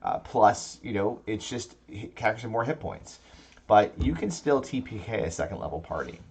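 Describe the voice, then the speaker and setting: Man, very low voice, casual podcast host, rambling chat, frequent restarts. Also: sing-song, moderate pace, darkish tone, slightly rough. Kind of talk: casual chat about tabletop games.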